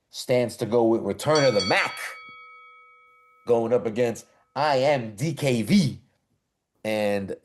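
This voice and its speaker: A man's voice: fairly low pitch, a little mellow. Laughing, chatty male show host. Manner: laughs often, loose and chatty. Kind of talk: casual hip hop show hosting.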